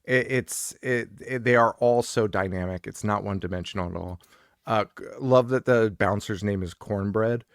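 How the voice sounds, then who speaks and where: A man co-hosting a podcast, chatting casually and excitedly about a horror movie, swearing often. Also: lowish voice, moderate pace, no room sound, clean studio sound. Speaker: podcast co-host.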